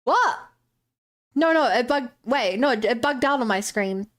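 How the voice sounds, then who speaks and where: High-voiced young woman streamer. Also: lively intonation, unhurried, fairly bright tone. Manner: chatty and rambling, greets viewers, many "um"s and restarts. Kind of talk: casual live-stream chat while drawing and rigging.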